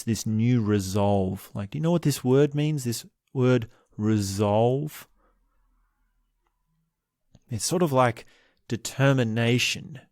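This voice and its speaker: Man, slow pace, thoughtful book commentary, halting restarts, dry room. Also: lowish voice, a little mellow, dry recording. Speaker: podcast host.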